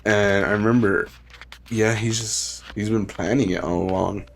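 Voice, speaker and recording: A young man co-hosting a casual podcast, sick with a cough, talking in a relaxed, rambling way and laughing often. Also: on the low side, normal speed, creaky, slight background noise. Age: young adult. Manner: laid-back, rambling, laughs often, says "like" a lot. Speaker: podcast co-host. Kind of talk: casual chat.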